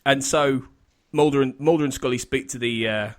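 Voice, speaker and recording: A man's voice: medium pitch, normal speed. Rambling male podcast host, laughing a lot. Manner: rambling, self-interrupting, laughs often. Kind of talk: casual podcast chat.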